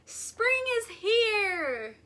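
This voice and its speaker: A woman reading a picture book aloud and voicing an eager, excitable male groundhog who shouts his news. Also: very high voice, very slow, voice pushed up, heavily acted. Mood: shouting gleefully.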